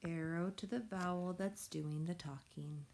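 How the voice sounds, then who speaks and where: A woman teacher giving a recorded phonics lesson to young children, explaining slowly and patiently in a sing-song way. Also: on the low side, fairly even intonation, a little mellow, slight background noise. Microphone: tablet or device mic.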